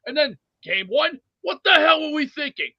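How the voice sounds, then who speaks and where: A man playing a cranky, blustery older male sports fan who rambles and rants excitably. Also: very high voice, moderate pace, creaky, dry recording, full character voice. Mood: ranting. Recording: dull dry lo-fi sound.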